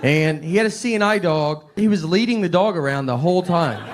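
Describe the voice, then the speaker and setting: A middle-aged man from Tennessee, telling rambling deadpan stories in a stand-up comedy set. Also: sits high, a little fast. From Tennessee, USA. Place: comedy stage with live audience. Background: audience laughter.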